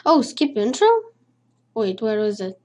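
A woman, not a native English speaker, commenting on a horror game she is playing, jittery and swearing a lot, humming nonsense to stay calm. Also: medium pitch, measured pace. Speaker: let's play gamer.

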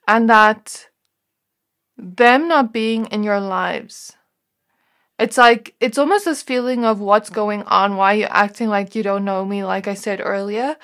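A woman reads tarot cards for her viewers and talks softly through what she senses. Her voice sits at a middle pitch and her tone is gentle and reflective. She muses along in a loose way, with plenty of "like" and "you know". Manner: gentle, reflective, musing with frequent "like". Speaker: tarot reader. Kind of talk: intuitive tarot reading to camera.

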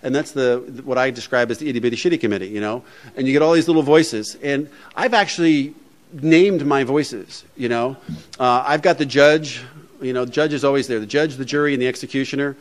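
A man's voice: mid-range voice, fairly quick. A man speaking to a recovery meeting in a plainspoken, humorous, conversational way, often saying "you know". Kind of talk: speech to a meeting. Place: meeting room before an audience.

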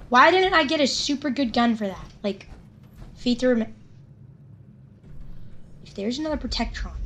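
A woman's voice: on the high side, a little hiss or hum. A woman hosting a gaming channel, chattering to herself during gameplay commentary, jittery, panicky and playful. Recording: game gunfire loud under voice. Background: game gunfire and ambience.

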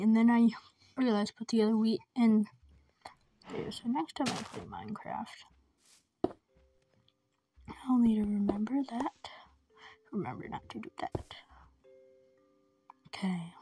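A woman giving whispered gameplay commentary, rambling softly to herself as she plays. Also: on the high side, slow pace, pauses often, a little hiss or hum. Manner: soft, half-whispered, rambling self-talk.

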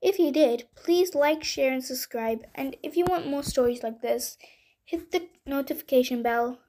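A woman reads a bedtime story aloud in a gentle, unhurried storytelling manner. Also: sits high.

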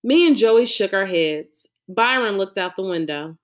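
A woman reading a novel aloud as a lively first-person storyteller. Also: medium pitch, a little slow. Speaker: audiobook reader. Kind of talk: audiobook narration.

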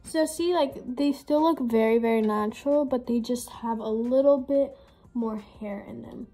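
A woman's voice: fairly high pitch, normal speed, warm tone, soft background music. A young woman chatting casually to the camera while doing her makeup and hair, rambling and saying "like" constantly. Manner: chatty and rambling, heavy use of "like". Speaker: vlogger. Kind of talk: casual get-ready-with-me chat.

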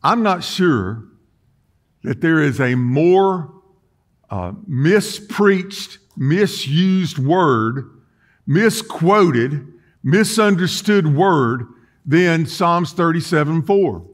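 A man preaching a sermon in a church, folksy and emphatic, swinging between quiet and loud. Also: fairly high pitch, expressive, very slow. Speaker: pastor. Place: church sanctuary.

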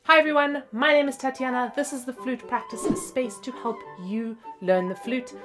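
A woman's voice: high voice, fairly even intonation, normal speed, music in the background. A young woman with hiccups hosting a bubbly flute lesson video and laughing at herself, with flute playing between her phrases. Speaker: flute teacher and host.

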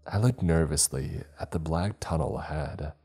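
A man narrating a scripted horror story in a slow, ominous manner. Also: extremely low pitch, mellow, slightly rough, soft background music.

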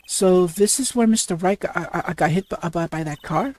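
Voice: mid-range voice, a little fast, a little mellow, dry recording. A let's play host giving casual gaming commentary, rambling with heavy stutters and fillers.

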